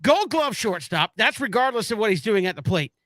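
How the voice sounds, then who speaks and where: Sports talk co-host, man, bright sharp tone, dry close sound, animated and tumbling over his words. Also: high-pitched, brisk, no echo. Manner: animated, stumbles and restarts when fired up. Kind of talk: casual sports radio chat.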